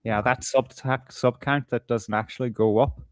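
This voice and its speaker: A man's voice: medium pitch, fairly even intonation, normal speed, dry recording. A man co-hosting a casual reaction chat, sarcastic and joking, with some swearing. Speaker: co-host.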